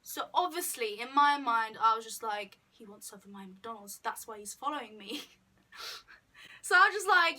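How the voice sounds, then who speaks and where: A young woman telling a storytime vlog in a chatty, animated way, acting out what people said. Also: fairly high pitch, measured pace. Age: young adult. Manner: chatty, animated retelling with quoted asides. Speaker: vlogger. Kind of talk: casual storytime.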